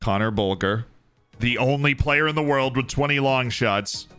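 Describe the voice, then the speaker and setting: A man streaming a football management game, chatting to his viewers in an excitable way and laughing often. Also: medium pitch, normal speed, smooth, faint music behind. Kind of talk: casual live-stream chat.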